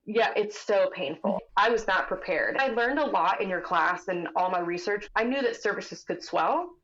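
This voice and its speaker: Animated woman storyteller, dull lo-fi sound. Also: medium pitch, normal speed, slight background noise. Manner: animated, acts out quoted voices. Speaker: podcast guest. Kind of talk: telling a personal story in casual chat.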